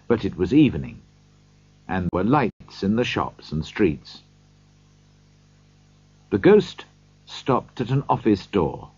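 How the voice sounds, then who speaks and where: A man reading a storybook aloud slowly for learners, in scripted narration. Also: lowish voice, darkish tone, no room sound, lo-fi sound. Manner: slow, clear reading for learners.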